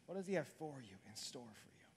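A man's voice: medium pitch, sing-song, a little fast, slightly rough. A man preaching a sermon as pastor, earnest and building to urgent questions.

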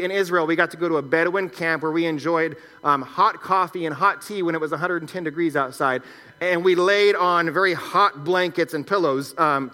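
A man's voice: sits high, bright, forceful tone. A man preaching a sermon, reading scripture aloud and explaining it in a conversational teaching manner. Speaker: pastor.

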